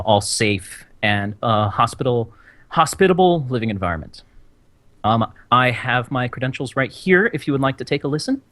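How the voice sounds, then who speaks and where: Player character: a courteous male inspector, played by a man, halting, mid-pitched, dry mic. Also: a bit bright, no echo, natural voice. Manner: halting, lots of ums. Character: polite male inspector on official business.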